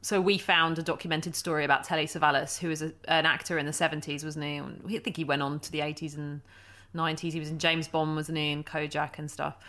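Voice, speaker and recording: A woman's voice: deep voice, flat delivery, fast talker, sharp tone. A woman hosting a paranormal podcast, chatting casually with her co-producer, laughing often and thinking aloud. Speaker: podcast host. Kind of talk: casual chat.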